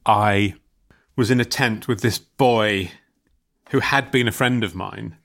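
A man's voice: fairly low pitch, slow, vocal fry, a bit bright. A man co-hosting a podcast over a video call, telling a story in a rambling, giggly way with many restarts. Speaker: podcast co-host. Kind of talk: casual comedic chat.

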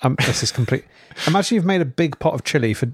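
A man's voice: on the high side, lively intonation, fast, husky, dry recording. A man co-hosting a casual podcast chat, telling stories in a dry, wry way. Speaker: podcast co-host.

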